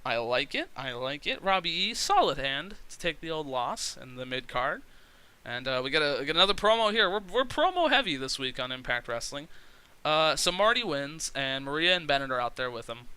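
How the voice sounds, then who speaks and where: A man's voice: fairly high pitch, big pitch swings, fairly quick, pushed and bright, clean tone. A man giving casual, rambling commentary on a wrestling management game, chatty and full of fillers. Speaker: let's play commentator.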